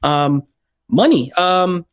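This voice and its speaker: A man's voice: high voice, animated, very slow, smooth. Chatty man hosting a movie podcast. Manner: chatty, laughs into words, frequent fillers. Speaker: podcast host. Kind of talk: casual movie review chat.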